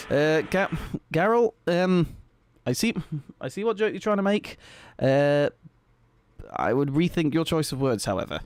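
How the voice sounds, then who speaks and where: A man's voice: on the high side, expressive, measured pace, slight background noise. A young man, chatting casually with viewers on a live stream, giggly and rambling. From Britain. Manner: giggly, rambling, reacting to chat.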